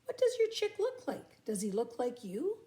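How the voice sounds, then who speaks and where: A thoughtful kangaroo mum from a storybook, musing and then rising high in a lively, swooping voice, as a grandmother reads her. The tone is soft and mellow. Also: normal speed, reverberant. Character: thoughtful female kangaroo mother.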